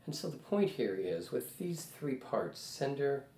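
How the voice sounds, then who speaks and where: A man's voice: mid-range voice, big pitch swings, unhurried, dark tone. Man in his sixties lecturing a class. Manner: conversational, storytelling, asks class questions. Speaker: psychology lecturer. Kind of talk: classroom lecture with personal stories. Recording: echoey room with faint noise.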